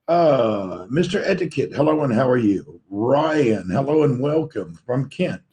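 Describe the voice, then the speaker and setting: A man's voice: mid-range voice, big pitch swings, measured pace, mellow. A man with a Southern US accent hosting a casual livestream, greeting viewers by name and chatting, his voice tired and a little crackly from lack of sleep. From Tennessee, USA. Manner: friendly, greets viewers one by one. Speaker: livestream host. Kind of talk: casual livestream chat, reading out viewer comments.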